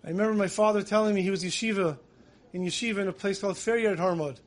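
Man, rabbi, high voice, storytelling sermon, acted quotes. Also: fast. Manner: tells stories with acted quotes, voice dropping soft for emotional lines. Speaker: rabbi giving a Tisha B'Av lecture.

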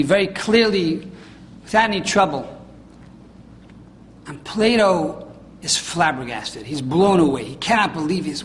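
A man giving a sermon, telling a story emphatically and rising in pitch on quoted questions. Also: fairly bright tone, a little hiss or hum. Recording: hall reverb, faint ambience.

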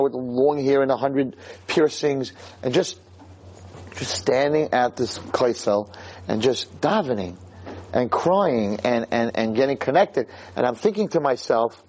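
A man's voice: medium pitch, a little mellow, low-quality recording. A man giving a heartfelt, storytelling religious lecture, stumbling over restarts and rising to fervent emphasis. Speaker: Jewish lecturer. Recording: recorded on camera, live talk.

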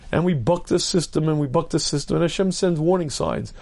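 Brief: rabbi, lecture voice, gravelly and dark, emphatic. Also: male voice, fairly high pitch, expressive, a little fast. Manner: earnest, emphatic, repeats key phrases; clears throat often. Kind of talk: Torah lecture.

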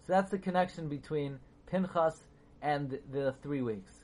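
Guy teaching torah, kinda high voice, keeps firing rhetorical questions, gets worked up. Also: unhurried. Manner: rhetorical questions, grows emphatic and animated. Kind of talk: Torah lecture on the weekly portion.

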